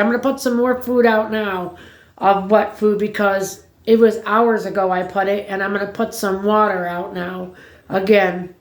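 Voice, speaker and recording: A woman talks to her viewers from home in loose, rambling casual chat, blunt and quick to swear. Her voice sits at an everyday middle pitch for a woman. The room around her rings with noticeable echo. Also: fairly even intonation. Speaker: vlogger. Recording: roomy echo.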